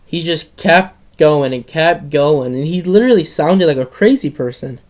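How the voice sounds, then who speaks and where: A man's voice: a little high, lively intonation, moderate pace. Rambling teenage boy telling a story. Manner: rambling, with many restarts and casual swearing. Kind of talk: casual storytime monologue.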